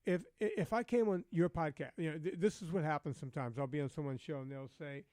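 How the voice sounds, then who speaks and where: A man guesting on a podcast, talking bluntly and profanely in a lively, storytelling way. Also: a little high, fast talker, no echo, clean studio sound. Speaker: guest, fitness trainer. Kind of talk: casual podcast chat.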